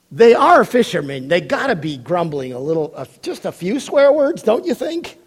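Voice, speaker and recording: A man preaching a sermon, telling a story with animated voices and frequent laughs. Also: sits high, slow pace, pauses often, husky.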